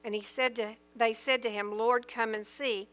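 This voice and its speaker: A woman's voice: a little high, fairly even intonation, normal speed, fairly bright tone. A woman teaching from the Bible in an earnest, emphatic sermon style, reading verses aloud and explaining them.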